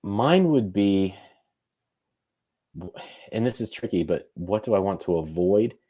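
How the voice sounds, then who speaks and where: Man, very low pitch, mellow tone, relaxed podcast co-host who thinks out loud. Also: slow. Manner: thinks aloud, loose and conversational. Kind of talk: casual podcast chat.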